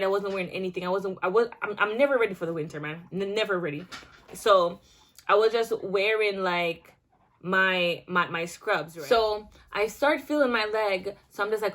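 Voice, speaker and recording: Young woman, casual storytime vlogger, chatty with lots of restarts. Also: mid-range voice. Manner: chatty, animated, many restarts and filler words.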